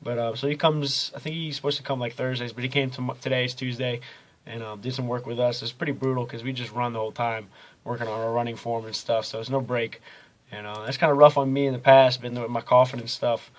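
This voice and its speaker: A man's voice: mid-range voice, level tone, fast. Young man, casual video diary, rambling, easygoing, filler-heavy. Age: young adult. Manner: rambling, easygoing, many ums and uhs. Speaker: college student vlogger.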